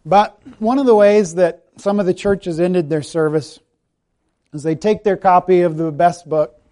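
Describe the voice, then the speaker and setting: Mellow-voiced man preaching a sermon. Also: sits high, measured pace. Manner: conversational, self-deprecating preaching that softens to a quiet prayerful close. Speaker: pastor. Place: church sanctuary.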